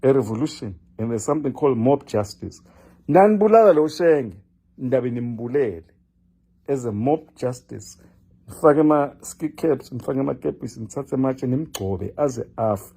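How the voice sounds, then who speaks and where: A man's voice: medium pitch, lively intonation, moderate pace, vocal fry, warm tone. An older man delivering a scolding, lecturing political monologue, addressing one person directly and repeating his name for emphasis. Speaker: political commentator.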